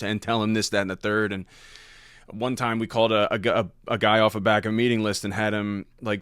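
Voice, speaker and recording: Man, stand-up comedian, casual storytelling, profane, crisp, dry sound. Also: lowish voice, a bit bright, dry recording. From Ohio. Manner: laid-back, profane, laughs between lines. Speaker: stand-up comedian, podcast guest.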